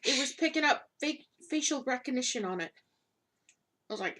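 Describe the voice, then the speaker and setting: A young woman co-hosting a casual vlog, telling a story in a chatty, animated way. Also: high voice, fairly quick, pauses often. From United States. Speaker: co-host.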